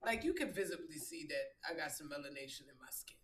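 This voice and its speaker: Brash woman with a strong low voice. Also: fast, far from the mic, slight background noise. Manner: loud, profane and animated. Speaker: host. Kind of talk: casual spiritual chat.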